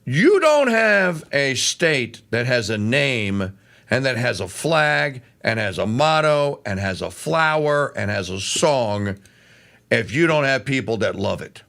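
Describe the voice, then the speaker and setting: A Louisiana talk radio host rants through a heated political monologue at a slow pace. His gravelly, bright voice leaps around in pitch with lively swings, dropping to muttered asides and then climbing to shouts.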